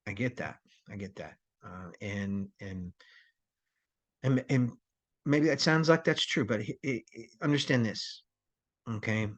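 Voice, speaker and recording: A man's voice: fairly low pitch, normal speed. A man teaching a crisis response training lecture in a rambling, conversational way, with many fillers and restarts.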